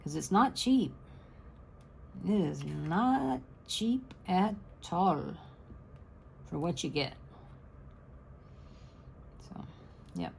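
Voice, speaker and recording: A woman's voice: lowish voice, very animated, very slow, creaky, long pauses, a little hiss or hum. A middle-aged woman, chatting casually and rambling to her channel's viewers. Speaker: crafting channel host.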